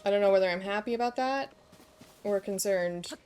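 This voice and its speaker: A woman's voice: mid-range voice, fairly quick, darkish tone, smooth. Chatty woman streamer musing over gameplay. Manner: chatty, muses aloud, reads game text. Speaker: streamer playing a game. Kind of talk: casual gameplay chat. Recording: faint game music behind.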